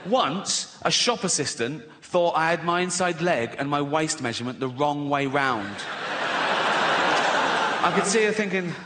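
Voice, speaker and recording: A man's voice: on the high side, lively intonation, a little slow, fairly bright tone. An older man with an English accent doing a stand-up comedy routine, chatty and profane, tagging his lines with "right?". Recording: long hall reverb with faint hiss.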